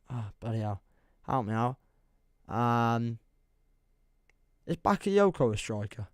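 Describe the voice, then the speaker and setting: A man's voice: medium pitch, darkish tone, clear, resonant tone, no room sound, studio quality. A young man with an English accent chatting casually on a football livestream, rambling and laughing as he reads the chat. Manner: rambling, self-deprecating, reads chat aloud, laughs often.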